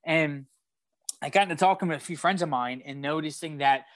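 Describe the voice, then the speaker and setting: A young man co-hosting a sports podcast, animated and fast-flowing as he retells a game and acts out his own shouting at the TV. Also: fairly high pitch, no room sound. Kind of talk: casual sports talk.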